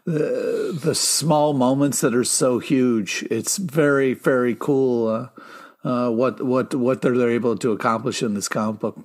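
A man co-hosting a podcast in casual chat, enthusiastic but halting, often repeating words. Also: medium pitch, steady tone, a little mellow. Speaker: podcast co-host.

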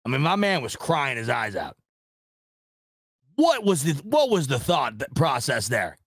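A man's voice: mid-range voice, huge pitch swings, a little slow, slightly rough. A man hosting a casual sports podcast, rambling and venting with frustration and some swearing. His mid-range voice sits close to the mic in a dry, dead room with no echo. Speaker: podcast host.

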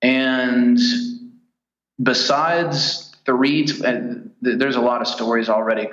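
Man from the US, guest on a podcast, relaxed storyteller, dull roomy line. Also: medium pitch, takes it slowly. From United States. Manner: easygoing storyteller, chatty and detailed. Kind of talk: casual interview chat.

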